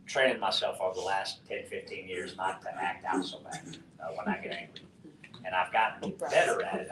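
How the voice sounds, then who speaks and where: A middle-aged man from West Texas, telling a profane, animated story to a conference audience and acting out the dialogue. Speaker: conference speaker. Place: conference hall. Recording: roomy, distant mic with faint rumble.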